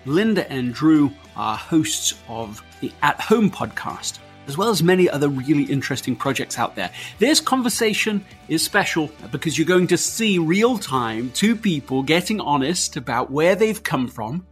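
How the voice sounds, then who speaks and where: A man hosting a podcast interview, calm and measured in his delivery. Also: a little high, faint music behind. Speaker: podcast host.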